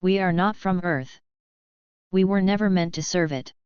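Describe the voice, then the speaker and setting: A woman voicing a cold, calm alien father in an audiobook, flat and matter-of-fact. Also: on the low side, normal speed, clear, resonant tone, no echo, highs cut off, natural voice.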